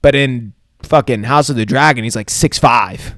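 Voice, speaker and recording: A man's voice: medium pitch, moderate pace, a bit bright. A man co-hosting a podcast, recapping a TV episode in loose, profane, rambling casual chat. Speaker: podcast co-host.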